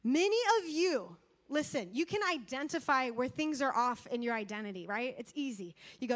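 A woman's voice: high voice, normal speed. A woman preaching a sermon, telling a story with energy, acting out quotes and speaking straight to her audience. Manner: lively, acts out quotes, addresses audience directly.

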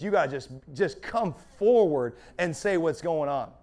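A man's voice: a little high, lively intonation, unhurried, few pauses, darkish tone. A man preaching a sermon as pastor, fiery and building in intensity.

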